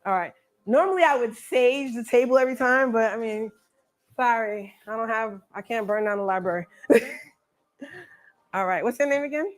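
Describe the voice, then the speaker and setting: A woman's voice: on the high side, normal speed, pauses often, no room sound. A woman from the Bronx, teaching a Reiki workshop in a playful, chatty way. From the Bronx, New York. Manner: playful, chatty, laughs often. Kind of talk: live workshop demonstration. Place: library workshop room.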